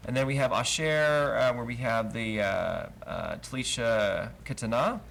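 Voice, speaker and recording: A man's voice: medium pitch, unhurried, creaky, fairly bright tone. A man teaching a verse-by-verse Hebrew lesson, explaining cantillation marks patiently and chanting each trope name aloud. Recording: livestream with faint noise.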